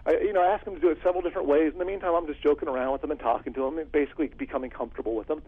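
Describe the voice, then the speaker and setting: Fast-talking husky man on a tinny line. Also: fairly high pitch. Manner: animated, acts out phone calls. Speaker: security consultant. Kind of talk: storytelling interview answer. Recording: phone-like lo-fi audio.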